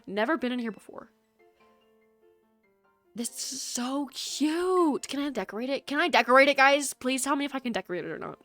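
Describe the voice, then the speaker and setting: A woman's voice: on the high side, no room sound. A woman streaming a video game, chatting casually with her viewers, teasing and laughing often.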